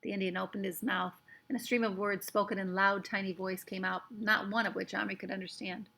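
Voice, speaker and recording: A woman reading a children's book aloud with expressive, lively narration. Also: medium pitch, fairly quick, creaky. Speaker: storyteller.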